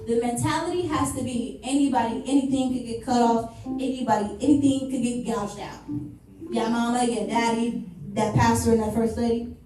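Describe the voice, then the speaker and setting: A woman's voice: on the high side, steady tone, moderate pace, warm tone, slight background noise. A woman preaching a sermon in a sarcastic way, slipping into mock voices of churchgoers. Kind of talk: sermon with mocking role-play. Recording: echoey hall, heard from far off, music behind.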